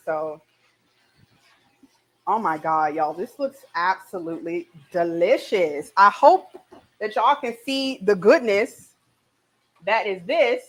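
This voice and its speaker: A woman's voice: mid-range voice, takes it slowly, long pauses. A woman hosting a casual cooking show, bubbly and exclamatory, chatting straight to her viewers as she cooks.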